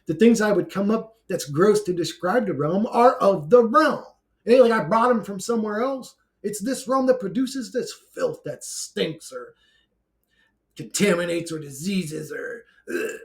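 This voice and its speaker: A man's voice: sits high, sing-song, moderate pace. A man giving a brash, blunt, profane ranting monologue to his own channel, laughing between outbursts. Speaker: YouTuber.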